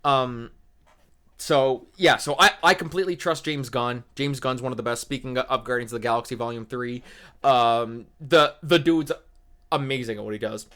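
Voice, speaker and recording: A man's voice: mid-range voice, moderate pace. Young guy on a podcast, super hyped, swearing nonstop, keeps going "oh my god". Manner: excitable, swears a lot, keeps exclaiming. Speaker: podcast co-host. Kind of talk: casual podcast rant.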